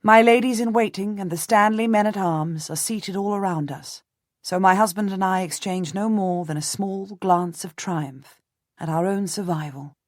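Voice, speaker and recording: A woman narrating a historical audiobook in the first person, measured and composed. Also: medium pitch, darkish tone, no echo, studio quality.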